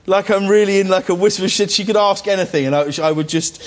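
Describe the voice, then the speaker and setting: A man's voice: sits high, fast. A man from England, a talk show guest, chatting casually and self-mockingly with lots of stammered restarts. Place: TV studio.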